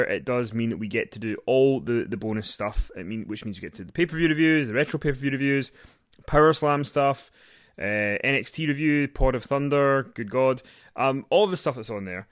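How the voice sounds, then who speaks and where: A man's voice: medium pitch, no echo, clean studio sound. Man, podcast host, casual chat, hesitant, repeats words.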